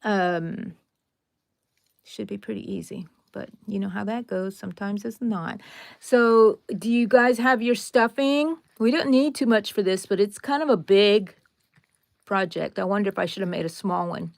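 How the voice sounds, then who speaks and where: A woman's voice: medium pitch, unhurried, vocal fry. A woman with a Texan drawl chats away to her viewers while she teaches a crochet project live, wandering into friendly asides. Her voice sits in an ordinary middle range. The sound is dry and close, with no room echo. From Texas, USA. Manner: chatty, talks straight to viewers, rambling asides. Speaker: crochet livestream host. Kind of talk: casual live crochet tutorial.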